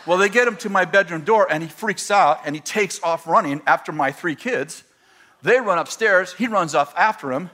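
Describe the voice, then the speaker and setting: Male preacher, middle-aged, high and bright tone, storytelling sermon in front of a congregation. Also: fairly quick. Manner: storytelling, animated retelling with voiced quotes. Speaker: pastor.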